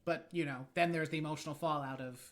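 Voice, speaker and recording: Game master, narrates slow with long dramatic pauses, mid-pitched voice. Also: fairly even intonation. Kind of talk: narrating a tabletop role-playing game.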